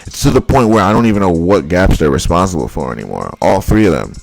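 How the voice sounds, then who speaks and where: A man breaking down football highlights in casual commentary, blunt and exasperated, repeating his points. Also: sing-song, fast, gravelly. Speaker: football film analyst.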